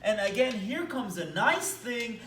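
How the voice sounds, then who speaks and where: Belgian-accented guy teaching math, bouncy up-and-down voice, slow and careful, roomy echo from a ways off the mic. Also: very high voice, lively intonation, a bit bright, a little hiss or hum. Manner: enthusiastic, playful asides. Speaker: math lecturer. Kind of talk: whiteboard math lecture. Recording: echoey room, mic at a distance.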